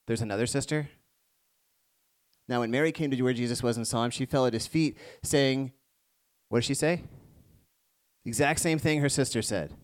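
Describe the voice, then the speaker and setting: A man preaching a sermon to a congregation, moving between hushed reflective passages and rising emphatic ones. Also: medium pitch, moderate pace, pauses often. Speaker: pastor.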